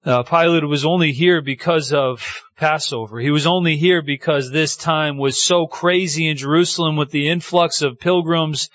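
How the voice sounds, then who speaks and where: Animated man preaching a sermon. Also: moderate pace, hardly any pauses, no echo, muffled recording. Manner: animated storytelling, acting out quotes with pitch swings. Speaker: pastor.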